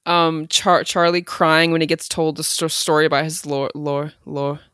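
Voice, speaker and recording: A woman co-hosts a casual podcast chat, halting and tripping over her words with frequent ums. Her voice is slightly low, and the recording is dry and close. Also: flat delivery, fairly bright tone, smooth, dry recording. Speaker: podcast co-host.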